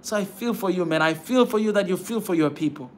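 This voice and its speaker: Hosting a pan-African channel, a man with a rather high voice addresses viewers on a livestream with impassioned fervor. Animated and fast-talking, he repeats phrases for emphasis and ends them with "man," pleading rather than lecturing. There's a little hiss or hum.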